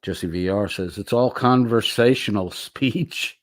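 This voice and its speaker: A middle-aged man hosting a casual livestream, reading out chat messages and answering them with loose, profane banter. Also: lowish voice. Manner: slow, drawling, profane banter.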